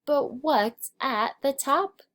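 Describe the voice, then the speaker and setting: A woman voicing an eager, brave young boy in a storybook, with bright excited exclamations. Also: high-pitched, takes it slowly, pitched above the performer's own voice.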